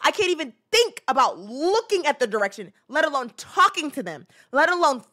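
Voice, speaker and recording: A woman in her twenties with a high voice hosts a podcast, ranting in a brisk, casual, animated way. She restarts her sentences often as she comments.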